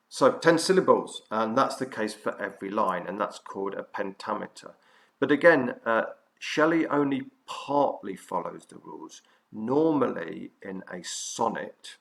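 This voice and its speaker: A male teacher giving a recorded revision lesson, explaining patiently and haltingly with frequent fillers. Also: fairly low pitch, animated, vocal fry.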